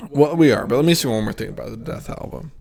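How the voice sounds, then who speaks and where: A man's voice: mid-range voice, quick pace, vocal fry, darkish tone. A young man co-hosting a casual podcast, tipsy and joking, swearing and laughing often as he reviews albums. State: tipsy from drinking soju. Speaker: podcast co-host.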